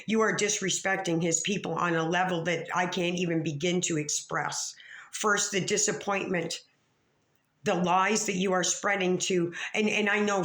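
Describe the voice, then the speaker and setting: In an echoey room, a female vlogger delivers a rambling, foul-mouthed rant aimed at other creators. She keeps stammering and starting over, veering between quiet mutters and sharp bursts.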